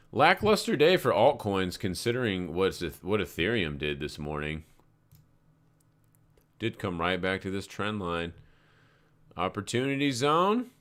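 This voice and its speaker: A man with a low, fairly bright voice hosts a live crypto trading stream. He chats casually through charts and stories, rambling in a relaxed way and swearing freely.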